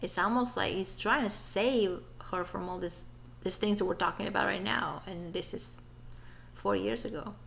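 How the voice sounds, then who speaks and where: A woman's voice: mid-range voice, moderate pace, vocal fry, a bit bright, a little hiss or hum. A woman giving chatty, gossipy commentary over a recording she plays.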